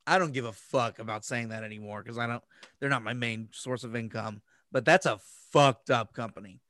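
A man's voice: medium pitch, a little fast, fairly bright tone, dry recording. A man hosting a podcast, telling a story in a casual, profane way that rambles with many restarts. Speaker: podcast host.

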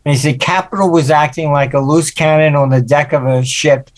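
A man's voice: fairly high pitch, fairly even intonation, fairly quick. Older male guest; casual storyteller, slips into quoted voices. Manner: anecdotal, acts out quoted voices. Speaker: guest, market forecaster. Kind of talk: interview storytelling.

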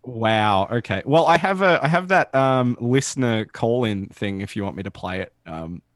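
A man's voice: mid-range voice, expressive, normal speed, no echo, studio quality. A man co-hosting a podcast over a video call, laughing and teasing in casual chat. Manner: laughing, teasing, shrieks in disbelief. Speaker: podcast co-host.

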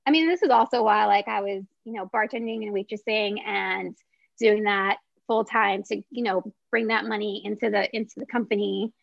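A woman who founded a small business tells her story in a casual interview, chatty and excitable, full of filler words. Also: mid-range voice, moderate pace, creaky, no echo, lo-fi sound.

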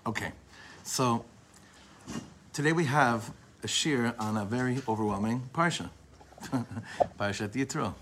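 A man giving an informal Torah class to a live group, talking in a discursive way, often breaking off and restarting his sentences, and slowing down to repeat key phrases. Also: mid-range voice, fairly bright tone, slight background noise. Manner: leans on a phrase by repeating it slowly. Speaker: Torah teacher.

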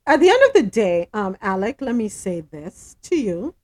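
Lively woman hosting casual news talk. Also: mid-range voice, normal speed. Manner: emphatic and animated, with rhetorical questions. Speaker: host.

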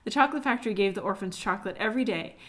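A woman's voice: medium pitch, very fast, noisy background. A woman co-hosting a podcast, chatting casually between reading out a childhood story, with a giggly, rambling manner. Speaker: podcast co-host. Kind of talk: casual chat and reading aloud.

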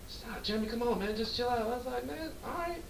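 An extremely high-pitched man with vocal fry races through a long, profane story as a podcast co-host in a drunk storytelling chat. He's animated, acting out quoted dialogue, and the audio is echoey, distantly miked and faintly hissy.

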